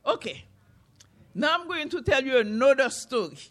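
A woman from Haiti telling a folktale to an audience, animated, with repeated chanting phrases. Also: sits high, normal speed. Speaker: storyteller, author.

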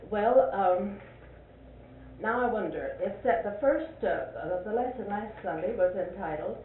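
A woman's voice: mid-range voice, moderate pace, recorded from a distance. An older woman leading a Sunday school Bible class in a folksy, questioning way, often repeating points for emphasis. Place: church classroom. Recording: echoey, tinny lo-fi recording with faint hiss.

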